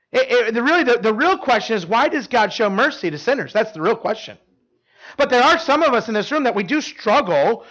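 A man with a high, fairly bright voice preaches an informal, conversational sermon to a live congregation at church. He frequently quizzes his listeners and uses fillers such as "like."

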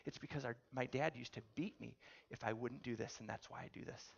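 A preacher voicing a wife in a spoken illustration, speaking earnestly with a lightly raised pitch. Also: male voice, fairly quick, gravelly, breathy edge, dull audio. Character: distressed wife, adult woman.

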